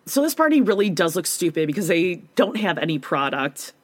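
A woman's voice: lowish voice, big pitch swings, a little fast, dry recording. A woman co-hosting a casual chat show, recapping a reality series with sarcastic, profane commentary and mocking impressions of the cast over a video call. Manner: sarcastic, profane, acts out quotes in exaggerated voices.

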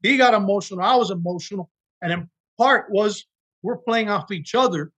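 A man's voice: high-pitched, moderate pace, a bit bright, slightly rough. A man, an actor, telling earnest, emotional stories from his work in a casual interview chat. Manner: earnest, emotional storytelling with restarts. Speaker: actor guest.

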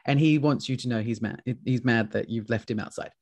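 A man hosting a casual chat, telling lively stories with plenty of swearing. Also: mid-range voice, brisk. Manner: chatty, swears freely, tells animated stories.

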